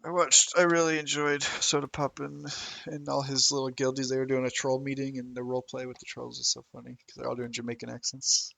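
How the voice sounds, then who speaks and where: A man's voice: medium pitch, little pitch movement, fairly quick, gravelly, few pauses, sharp tone, no room sound. A young man streaming a game, chatting casually with slang and frequent laughs. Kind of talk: casual gameplay chat.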